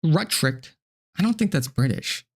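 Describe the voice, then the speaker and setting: A man's voice: medium pitch, normal speed. A man hosting a live stream, reacting to clips with profane, exasperated rants. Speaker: streamer host.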